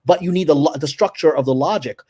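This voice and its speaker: A man's voice: a little high, fast, warm tone, breathy edge. A man appearing as a guest screenwriter, talking in an opinionated, talkative way on a casual live stream.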